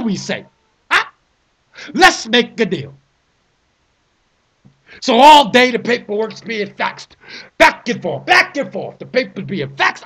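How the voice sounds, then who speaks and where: A man delivering an animated comic rant, theatrical and repetitive, breaking into shouts. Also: very high voice, breathy edge. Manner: theatrical, repeats phrases, shouts in bursts. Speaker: vlogger ranting about a fantasy football trade.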